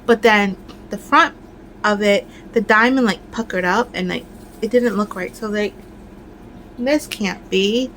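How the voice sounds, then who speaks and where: A woman's voice: mid-range voice, a little slow, fairly bright tone, a little hiss or hum, poor audio. A woman crafting vlogger in casual chat, ranting with lots of fillers.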